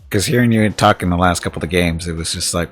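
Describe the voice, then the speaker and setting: A man streaming a game, chatting in a laid-back, joking way and chuckling often. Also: sits low. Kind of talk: casual gaming livestream chat.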